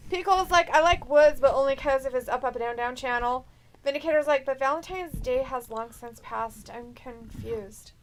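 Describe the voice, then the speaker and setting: A woman's voice: high-pitched, moderate pace, slight background noise. A woman co-hosting a live stream, chatting casually and reading viewer messages aloud in a teasing, jokey way.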